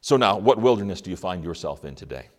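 Male pastor, deep voice, sermon delivery with pointed questions and long pauses. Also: very animated. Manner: dramatic pauses, rhetorical questions. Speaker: preacher.

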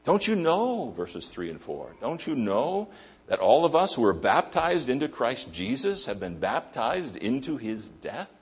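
A man's voice: mid-range voice, sing-song, measured pace, husky. A male pastor preaching a sermon in an emphatic way, repeating key phrases.

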